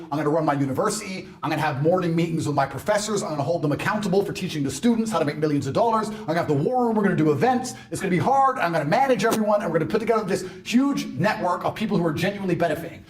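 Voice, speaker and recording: Brash mocking man, lively pitch. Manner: mocking, boastful, mimics people in loud bursts. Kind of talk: animated podcast rant.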